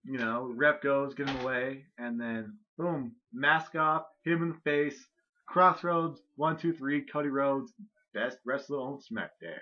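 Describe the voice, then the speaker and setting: A young man with a bright, forceful mid-pitched voice, trading quick jokes and asides in a casual chat. The sound is dull and lo-fi, like a basic home recording. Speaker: co-host of a wrestling review show.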